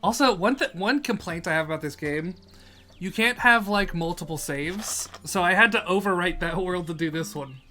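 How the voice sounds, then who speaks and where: A man with a high, sharp-toned voice speaks at normal speed while streaming a game. Goofy and full of jokes, he reads chat questions aloud and answers them in casual live commentary.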